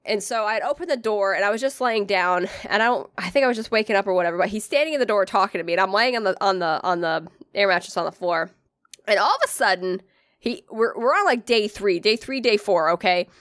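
A woman's voice: mid-range voice, quick pace, no room sound, clean studio sound. A young woman telling a story in casual chat, swearing freely and filling her speech with "like.". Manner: profane, animated storyteller, many "like"s.

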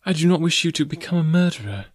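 A man doing a gentle pleading young woman. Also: a little high, expressive, quick pace, dry recording, studio quality, pitched above the performer's own voice. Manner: soft, imploring.

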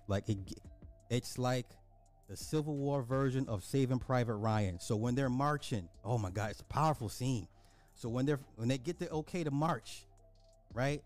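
Dude hyping up a movie review, says stuff twice, mellow dark voice, faint music behind. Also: male voice, medium pitch. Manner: emphatic, repeats points for effect. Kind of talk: casual livestream movie review.

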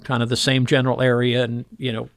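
A man who works as a fishing guide, telling old stories in a relaxed interview and acting out the voices of people in them. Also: mid-range voice, fast, no echo, clean studio sound. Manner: animated storyteller acting out voices in quotes. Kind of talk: storytelling interview chat.

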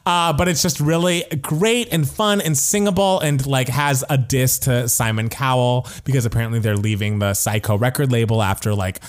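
A man co-hosting a podcast talks in a relaxed, chatty way at a mid-range pitch. He gushes with excitement, laughs often and fills his sentences with "like". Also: normal speed, hardly any pauses. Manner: enthusiastic, laughs often, says "like" a lot. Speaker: podcast co-host. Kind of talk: casual chat.

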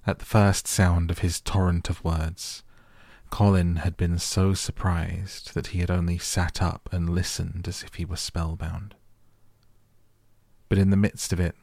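A man reads a storybook aloud as a calm bedtime audiobook. His voice is very low, gravelly and husky, with an even, flat delivery, recorded close and dry. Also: no room sound. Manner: calm, gentle, measured. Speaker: audiobook narrator. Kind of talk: soft bedtime audiobook reading.

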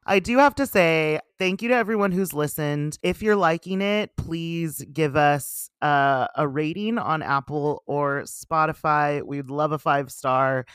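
A young woman co-hosting a casual podcast, chatty and animated, swearing casually as she talks. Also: sits low, measured pace, few pauses, smooth, no room sound, clean studio sound. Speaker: podcast co-host. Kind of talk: casual chat.

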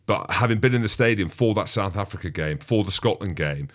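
A man's voice: deep voice, a little fast. A man co-hosting a rugby podcast, talking casually and animatedly, acting out what others said as he tells stories. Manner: animated storyteller who acts out quotes. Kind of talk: casual sports chat.

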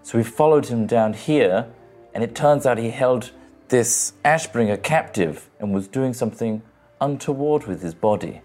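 Measured man explaining in character. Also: medium pitch, expressive, a little mellow, soft background music. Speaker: player. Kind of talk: in-character tabletop role-play.

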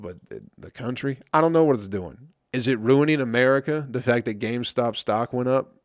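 Gravelly profane podcast host rambling. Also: male voice, mid-range voice, dry recording. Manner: rambling, profane, wry and self-mocking. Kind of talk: casual solo podcast rant.

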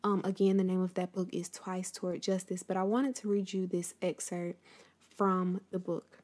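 Addressing listeners directly, a history-story host chats casually and then reads a book excerpt aloud. Her voice is lowish and a little mellow, with little pitch movement, at normal speed.

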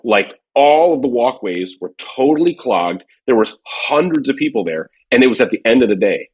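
A man's voice: on the low side, slightly rough. A man chatting casually in a podcast, telling rambling stories from his years at a drum company, full of fillers and restarts.

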